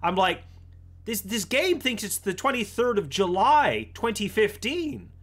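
A man's voice: high voice, big pitch swings, a little slow, fairly bright tone. A man hosting a gaming video, rambling playfully and swearing freely as he plays. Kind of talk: let's play commentary.

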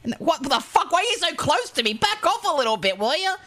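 A woman's voice: sits high, fast, a crowd in the background, voice pushed up. A woman playing a foul-mouthed young outlaw. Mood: brash. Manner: swears constantly, animated storytelling. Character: brash young male outlaw, cursing, boastful. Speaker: roleplay streamer. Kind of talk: in-character roleplay storytelling.

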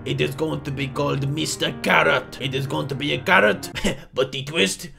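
A man's voice: fairly high pitch, fairly even intonation, normal speed, vocal fry, soft background music, full character voice. A man voicing a boastful male French painter in an exaggerated fake French accent while commentating a game. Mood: proud. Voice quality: exaggerated theatrical put-on voice, loud exclamations. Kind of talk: gaming commentary in character.

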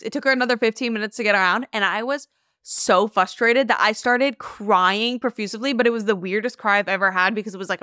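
A woman co-hosting a podcast, telling stories in casual chat, animated and quick to swear. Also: medium pitch, smooth, dry recording, clean studio sound. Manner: animated, profane storytelling. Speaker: podcast co-host.

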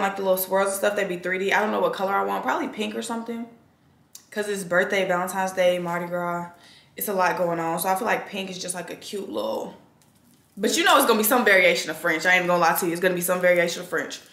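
This casual vlog follows a young woman through errands in her car and around a mall, filmed on a phone camera she holds or props up. Chatty and sleepy, she calls her audience y'all, speaking at medium pitch with vocal fry and a fairly bright tone.

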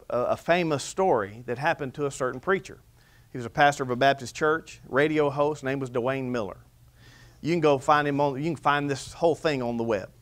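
A man preaching a sermon as pastor, mixing scripture reading with humor. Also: mid-range voice. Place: church.

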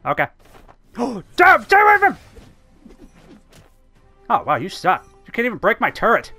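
A gamer giving excitable, sweary commentary over their own gameplay. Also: mid-range voice, fairly quick, faint music behind. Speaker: let's play gamer.

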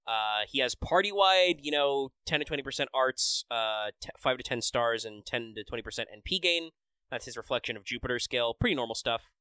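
A man's voice: mid-range voice, expressive, a little fast, bright, forceful tone, clean tone, no room sound, poor audio. A man hosting a casual podcast, enthusiastically breaking down game details with many fillers. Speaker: podcast host. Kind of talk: casual podcast chat about a mobile game.

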